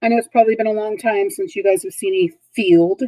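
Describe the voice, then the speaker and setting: A woman's voice: mid-range voice, steady tone, fast, dark tone, dry recording, poor audio. A woman teaching a recorded vocabulary lesson to young kids, patient and repetitive, checking in often. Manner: patient, repeats words and checks in with okay. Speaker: third grade teacher.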